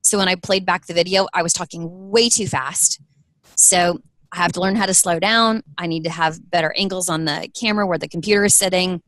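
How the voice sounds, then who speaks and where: A woman in her thirties, a business owner being interviewed, telling earnest, animated stories full of quoted dialogue. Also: on the low side, brisk, dry recording, poor audio. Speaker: guest, apparel business owner. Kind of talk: interview conversation.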